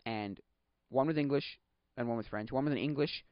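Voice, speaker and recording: A young man from Quebec hosts a podcast, chatting casually in a mid-range voice at a moderate pace. He rambles and corrects himself, with bursts of exasperated ranting, and the dry recording sounds dull and lo-fi.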